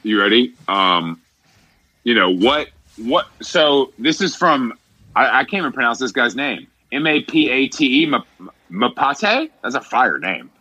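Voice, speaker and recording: A man's voice: mid-range voice, very animated, measured pace, bright, forceful tone, husky, low-quality recording. A young man co-hosting a podcast in casual chat, laid-back and slangy with lots of fillers. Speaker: podcast co-host.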